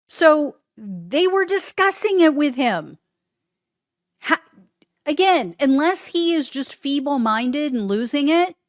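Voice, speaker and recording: A woman with a high voice hosts a solo political commentary show, reading news quotes aloud and then mocking them sarcastically. The studio-quality recording has no echo.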